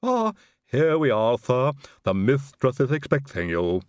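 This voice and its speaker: A man's voice: mid-range voice, wildly swooping pitch, measured pace, no echo. A man putting on a stooped manservant with a hollow, strange voice. He announces guests with stiff formality and a sing-song rise and fall. The sound is close and dry. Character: stooped old male vampire's manservant, dutiful.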